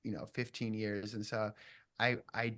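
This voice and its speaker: A man's voice: on the low side, little pitch movement, a little slow, fairly bright tone. Reflective, rambling man in an interview. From southern Minnesota. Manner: reflective, rambling, full of restarts and fillers. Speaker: actor guest. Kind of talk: casual interview chat.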